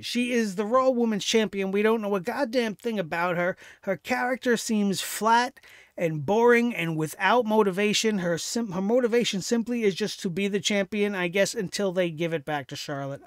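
A man's voice: high-pitched, fairly bright tone, no echo, studio quality. A man hosting a wrestling review show, giving solo commentary in a sarcastic, exasperated rant that turns profane.

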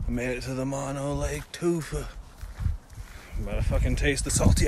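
A man vlogging on a road trip, crude and excitable, swearing constantly as he talks. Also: medium pitch, moderate pace. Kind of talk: profane outdoor travel vlog. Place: outdoors at nature spots on a road trip. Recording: loud outdoor noise, wind and vehicles.

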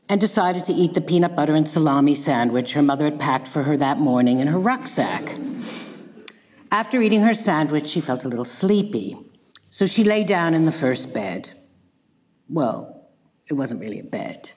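Woman lecturer, wry deadpan delivery, lively pitch, echoey hall. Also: a little hiss or hum. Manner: dry, ironic, deadpan asides. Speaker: guest lecturer. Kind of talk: public lecture, retelling a tale.

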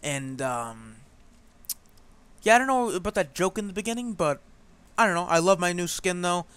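Rambling man with a higher voice. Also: lively intonation, normal speed, a bit bright, clean tone, no room sound. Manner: rambling, chatty, lots of fillers. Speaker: gaming channel host. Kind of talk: let's play commentary.

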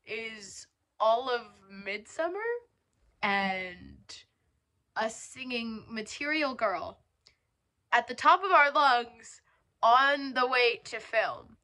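A teenage girl recording a farewell message, speaking slowly and thoughtfully, sometimes dropping to a whisper. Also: on the high side, pushed and bright. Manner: slow and thoughtful, at times whispering. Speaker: theater student.

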